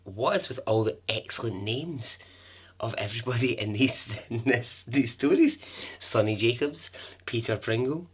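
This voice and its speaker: A man's voice: mid-range voice, lively intonation, moderate pace, slightly rough. A man hosting a podcast, telling a true-crime story in a chatty way with asides and the odd swear word. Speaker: podcast host.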